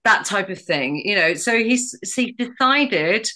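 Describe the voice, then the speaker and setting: On a podcast, a middle-aged stage actress chats casually as a guest, full of enthusiasm, asides and restarts. Her medium-pitched voice has lively intonation and a sharp tone, and she speaks unhurriedly.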